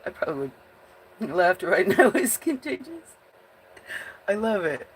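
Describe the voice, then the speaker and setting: Streamer woman, easygoing and giggly, drawn-out rambling delivery, mid-pitched voice. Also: very animated, slight background noise. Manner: rambling, slow, often breaks into giggling fits. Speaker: livestream host. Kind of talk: casual livestream chat with viewers.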